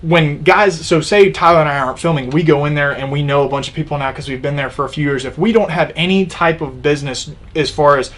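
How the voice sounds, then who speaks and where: A man's voice: on the high side, quick pace, few pauses, fairly bright tone. A man co-hosting a casual sit-down chat, explaining his views with plenty of restarts. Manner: explanatory, opinionated, frequent restarts. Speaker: co-host of an outdoors channel.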